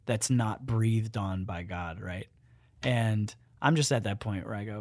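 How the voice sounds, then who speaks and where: A man, a guest author and musician, talking in an animated, joking yet earnest way in a casual conversation. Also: lowish voice, a little slow, no room sound.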